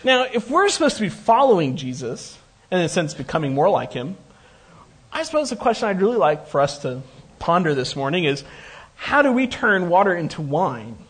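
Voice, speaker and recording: A man's voice: sits high, sing-song, normal speed, fairly bright tone, breathy edge. A man preaching a conversational sermon, retelling a scripture story with joking asides.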